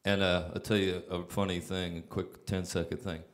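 On stage, a songwriter tells casual, rambling anecdotes in a low voice, keeping a level tone and moderate pace. Fillers and restarts come up frequently.

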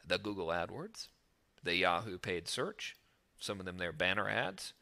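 Man, casual marketing lesson, joking and self-mocking, very lively pitch, bright tone. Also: a little slow, gravelly. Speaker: internet marketing teacher. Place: outdoors overlooking the ocean.

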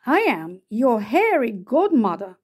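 A woman voicing an enormous hairy female spider godmother, speaking loud, slow and solemn in a storybook read-aloud. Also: on the high side, very animated, slightly rough, full character voice.

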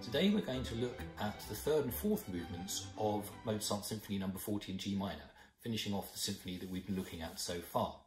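A man with a British accent gives an informal music lesson to camera from a room in his home, explaining things thoughtfully and counting beats aloud. His voice sits on the low side, animated, quick and a little mellow. The recording is rough and sounds roomy.

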